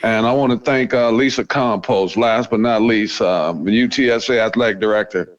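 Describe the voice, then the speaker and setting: A man speaking as a guest on a talk show, emotional and halting, often repeating words. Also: medium pitch, highs cut off. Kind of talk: casual talk.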